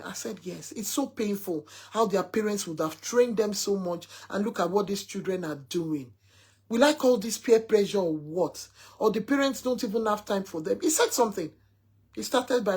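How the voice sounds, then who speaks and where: Speaking at normal speed with lively intonation, a woman with a mid-range, darkish, slightly rough voice casually tells her followers an emphatic story. As a mother sharing the tale, she quotes her son at length.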